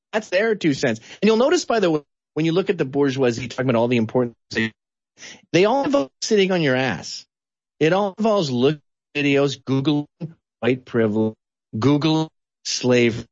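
A man from Canada giving blunt, animated political opinions as an interview guest. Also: no room sound, highs cut off. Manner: blunt, animated, sweeping pitch swings.

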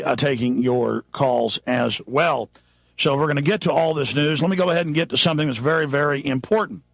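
A man hosting a talk radio show, rambling in an agitated way with bursts of shouting. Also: medium pitch, gravelly, no echo, muffled recording.

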